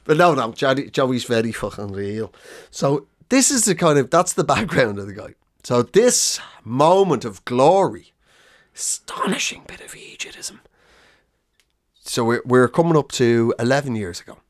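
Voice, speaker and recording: A man co-hosting a comedy podcast, rattling off a story in loose, profane chat. His pitch swings widely as he builds to punchlines. He breaks into laughter and slips into silly voices along the way. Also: big pitch swings, moderate pace. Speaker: podcast co-host.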